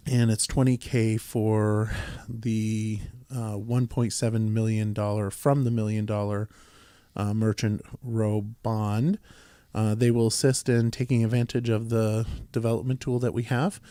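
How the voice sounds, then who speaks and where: A man's voice: lowish voice, little pitch movement, measured pace, warm tone, clean tone, no echo. A man co-hosting a podcast, talking casually through council business with many fillers and restarts and a dry sense of humor. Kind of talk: casual chat, reading a council resolution aloud.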